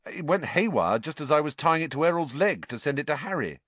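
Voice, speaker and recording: Male narrator doing an excitable teen schoolboy; bouncy, offhand delivery. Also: on the high side, brisk, dry recording, pitched above the performer's own voice. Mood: defensive. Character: excitable greedy teenage schoolboy wizard.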